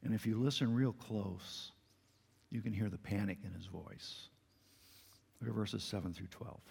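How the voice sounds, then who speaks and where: A man's voice: lowish voice, measured pace, creaky, a little mellow, breathy edge, big-room sound. A middle-aged man preaching a sermon in a church, earnest and conversational with touches of light humor. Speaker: pastor. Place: church sanctuary.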